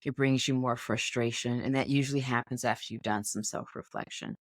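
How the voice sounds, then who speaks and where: A woman's voice: extremely low pitch, steady tone, fairly quick, no room sound, clean studio sound. A woman co-hosting a sports podcast, talking in an earnest, encouraging, coach-like way. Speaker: podcast co-host. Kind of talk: casual podcast chat. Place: indoors, podcast recording.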